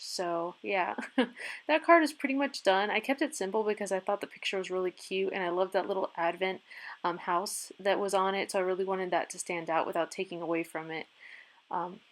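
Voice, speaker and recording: A woman giving a casual, chatty voice-over for her crafting video, upbeat and quick to laugh. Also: mid-range voice. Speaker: craft vlogger.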